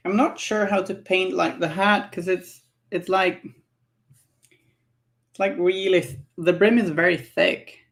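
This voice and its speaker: A woman's voice: fairly low pitch, steady tone, a little slow, gravelly. A woman painting miniatures on a livestream, chatting casually, laughing often and musing aloud as she works. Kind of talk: casual chat while painting.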